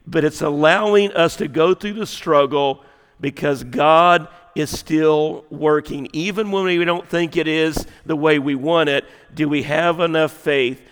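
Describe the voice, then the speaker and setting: A man preaching a sermon, swinging from loud to hushed in a folksy way. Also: on the high side, clean tone, long reverb tail. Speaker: pastor. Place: church sanctuary.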